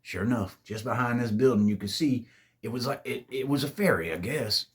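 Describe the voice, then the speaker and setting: A man speaking briskly in a mid-range voice with a breathy edge relates an eerie party story. He's easygoing and drawling, heavy on the swearing, and imitates his friends when quoting them.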